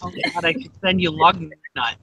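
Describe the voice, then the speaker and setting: A woman's voice: lowish voice, moderate pace, background noise. A woman in casual chat on a video call, chatty and giggly.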